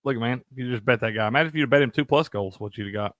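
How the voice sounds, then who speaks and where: A man's voice: mid-range voice, rapid-fire, dry recording, clean studio sound. A man co-hosting a casual sports betting chat, cursing freely and laughing often. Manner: profane, animated, laughs a lot. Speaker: sports betting show co-host.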